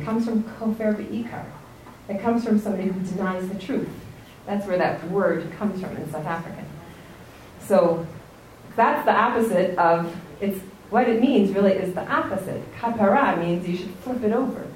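A woman's voice: medium pitch, darkish tone, a little hiss or hum. An American woman teaching a religious text lesson to a group in a conversational way, often asking "right?". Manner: conversational, keeps checking in with "right?". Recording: roomy, distant mic, faint ambience.

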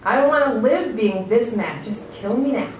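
A woman's voice: on the high side, lively intonation, moderate pace, slight background noise, natural voice. A woman with an American accent voicing an angry, indignant male prophet in a retold story. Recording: roomy, distant mic, faint ambience.

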